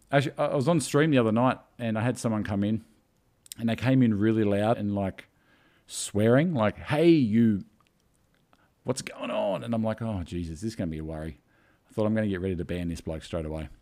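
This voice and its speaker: A man with a fairly low voice tells a story on a casual live podcast. He rambles along with fillers and is openly emotional. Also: darkish tone. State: tearful. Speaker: podcast co-host.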